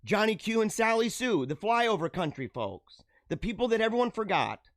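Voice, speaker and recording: High-voiced preachy man. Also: very animated, normal speed, a bit bright, no room sound, clean studio sound. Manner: preachy and exuberant, laughs often. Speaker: live show host. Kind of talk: motivational monologue.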